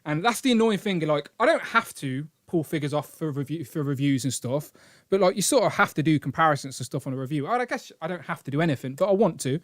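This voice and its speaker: On a toy collecting live stream, a British host talks fast in an expressive, fairly high voice. His chat is casual and rambling, full of jokes as he reads out donations and thanks those who gave.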